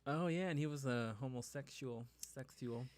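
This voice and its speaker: A man co-hosting a podcast in casual chat, laid-back and teasing, pausing often with fillers. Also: mid-range voice, a little mellow. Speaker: podcast co-host.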